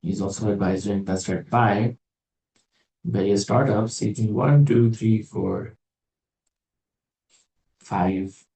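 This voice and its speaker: A man with a low, mellow voice gives a casual religious talk, thinking aloud and slipping in dry, sarcastic remarks. He sits back from the microphone, and the room adds a noticeable echo. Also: slow, creaky, long pauses. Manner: musing, digressive, with wry sarcastic asides. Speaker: religious teacher. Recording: roomy echo, distant from mic.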